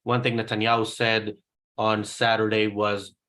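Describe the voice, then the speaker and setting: A man hosting a political discussion in a fairly low voice. He talks in a measured, halting way, pausing often with fillers as he works through his points. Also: monotone, pushed and bright. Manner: hesitant, measured, many fillers. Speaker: host.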